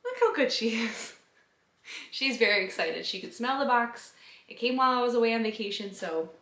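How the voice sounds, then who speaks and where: A woman's voice: a little high, very animated, normal speed, fairly bright tone. A woman hosting a casual unboxing vlog, slipping into sing-song baby talk as she chats to her dog at home. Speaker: vlog host. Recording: roomy, echoey room sound.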